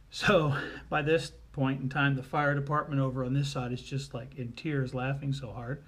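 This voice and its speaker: A man telling family anecdotes in a casual, folksy way, with frequent pauses and fillers. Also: medium pitch, little pitch movement. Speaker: storyteller.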